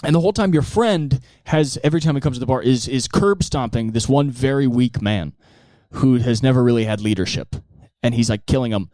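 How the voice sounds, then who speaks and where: A man's voice: medium pitch, fairly quick, no room sound. A male comedian doing a profane stand-up monologue, jumping into acted-out voices. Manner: animated, profane, acts out many voices.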